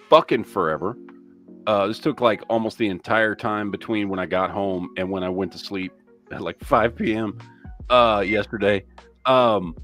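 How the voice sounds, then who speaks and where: Hosting a casual live-stream podcast, a man with a lowish, slightly bright voice rants and swears in exasperation as he reads through viewer comments.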